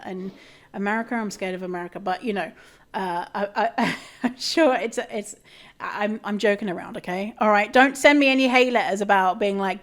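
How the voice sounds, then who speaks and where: A British woman hosting a podcast, talking in a casual, animated rant with swearing and mock outrage. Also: medium pitch, brisk. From Britain. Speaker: podcast host. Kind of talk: casual ranting monologue.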